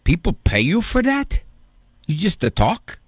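A man's voice: high-pitched, wildly swooping pitch, measured pace, husky, dry recording, pitched above the performer's own voice, full character voice. A man voicing an elderly Italian immigrant grandfather with an Italian accent, speaking broken English and asking baffled questions. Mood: puzzled.

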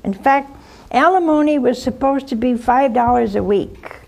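This older nun's high voice is gravelly and a little mellow, at a moderate pace. Earnest and direct, she advises a caller through stories from her life, tagging points with "huh?" or "see?".

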